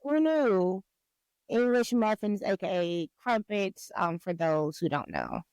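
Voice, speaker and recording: A woman's voice: medium pitch, very animated, slow, a little mellow, clean tone, no room sound, poor audio. A woman from the American South hosting a podcast in a playful, giggly, teasing chat. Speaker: podcast host. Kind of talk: casual chat.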